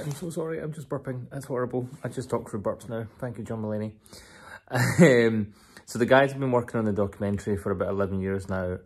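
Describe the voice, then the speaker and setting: A man's voice: lowish voice, a little mellow. A man talking casually to a handheld phone camera in a rambling, self-deprecating vlog, possibly from Scotland. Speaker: vlogger.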